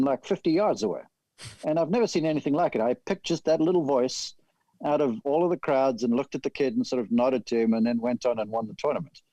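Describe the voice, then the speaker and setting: A man, a golf analyst, telling long animated stories in casual podcast chat. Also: mid-range voice, dry recording, highs cut off. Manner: animated, detailed storyteller.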